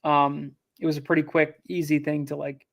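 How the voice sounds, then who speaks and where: A man's voice: a little high, normal speed, creaky. A man in a casual interview, telling a business story with lots of fillers and acted-out quotes. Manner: animated, acts out quotes, frequent fillers and restarts. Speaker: land investor guest.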